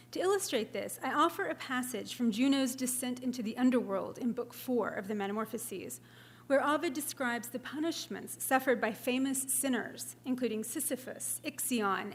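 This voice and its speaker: A woman giving an academic lecture as a translator, partly reading from her text, measured and careful, sometimes tapping out poetic meter aloud. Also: high-pitched.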